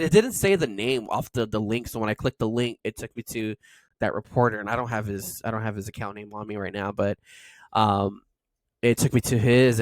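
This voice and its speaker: A man's voice: lowish voice, no echo. A man co-hosting a casual podcast, telling a story with lots of fillers and swearing. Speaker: podcast co-host.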